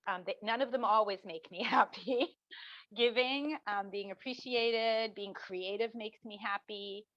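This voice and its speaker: A middle-aged woman, a marketing professor, answering interview questions as an animated storyteller who acts out the people she quotes. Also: medium pitch, a little slow, no room sound. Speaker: marketing professor, podcast guest. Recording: dull dry lo-fi sound.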